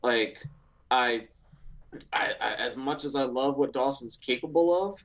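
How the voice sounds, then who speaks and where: A man's voice: medium pitch, unhurried, fairly bright tone. Male co-host, casual talker, keeps restarting his sentences, dull lo-fi mic sound. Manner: rambling, with many restarts and filler likes. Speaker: podcast co-host. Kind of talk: casual podcast chat.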